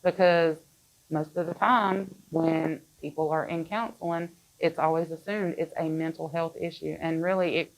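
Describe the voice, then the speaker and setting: A woman's voice: sits low, fairly even intonation, moderate pace, low-quality recording. A woman who works in child care, speaking in a plain, conversational way in a panel discussion and repeating words as she thinks.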